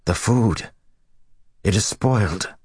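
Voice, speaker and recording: A man voicing a frightened male dockmaster who speaks in a taut, hushed, pleading way. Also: on the low side, takes it slowly, slightly rough, dry recording, studio quality, pitched above the performer's own voice, heavily acted.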